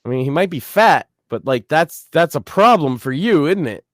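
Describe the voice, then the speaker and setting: A man's voice: a little high, lively intonation, normal speed, no room sound, clean studio sound. A man co-hosting a podcast in casual chat, ranting emphatically and swearing as he tells a story. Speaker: podcast co-host.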